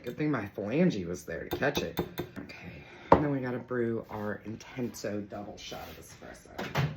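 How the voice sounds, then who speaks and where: Chatty woman vlogging in a noisy kitchen. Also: low-pitched. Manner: chatty, playful, talks to her cat in a sing-song voice. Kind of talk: casual morning coffee vlog chat. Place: home kitchen. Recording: noisy home kitchen recording.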